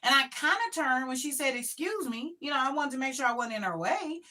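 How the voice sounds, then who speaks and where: A middle-aged woman chatting casually as a guest, telling animated stories and acting out the people in them. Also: high voice, brisk. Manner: animated storyteller, acts out quotes. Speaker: guest, the host's mother. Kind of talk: casual chat.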